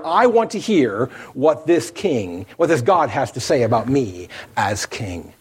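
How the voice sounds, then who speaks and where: A man preaching a sermon, telling the story with animated emphasis, his voice rising as he drives points home. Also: medium pitch, measured pace, hardly any pauses, breathy edge. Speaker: pastor.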